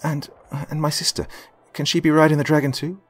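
A man voicing an excitable little boy of about five or six. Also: a little high, fairly quick, breathy edge, no echo, faint music behind, pitched above the performer's own voice. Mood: excited. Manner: eager, tumbling words.

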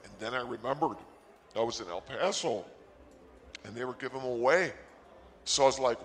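A man doing a rambling, absurd comic story on the radio, excitable at times. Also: mid-range voice, normal speed, pauses often, big-room sound.

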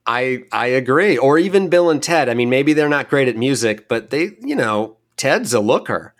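A man's voice: medium pitch, expressive, moderate pace. Easygoing, rambling man co-host. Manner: easygoing, rambling, hesitant with fillers. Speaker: podcast co-host. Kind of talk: casual chat.

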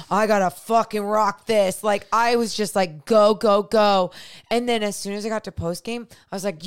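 A young woman co-hosting a casual late-night podcast, exhausted and close to tears, rambling and halting as she talks. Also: mid-range voice, clean tone. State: exhausted and tearful. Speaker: podcast co-host.

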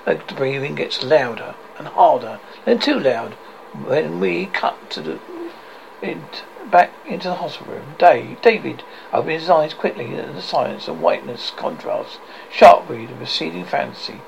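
A man reads a screenplay's stage directions aloud, plainly and with restarts. His voice is strongly gravelly and fairly high for a man, and it moves up and down a lot. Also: lively intonation, normal speed, a little hiss or hum, rough recording. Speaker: script reader.

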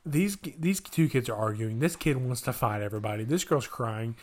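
A young man on a podcast telling a story the easy way, talk strung together with filler words. He jumps up high when he acts out shouting kids, then drops back to his plain mid-pitched voice. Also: normal speed. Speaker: podcast co-host. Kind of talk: casual chat.

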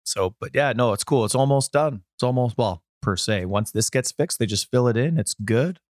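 A man in his thirties co-hosting a gaming podcast, a bit hoarse, rambling casually through stories from home. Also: mid-range voice, moderate pace, darkish tone, no room sound, studio quality. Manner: rambling, chatty storyteller. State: hoarse from a sore voice. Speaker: podcast co-host. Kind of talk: casual chat.

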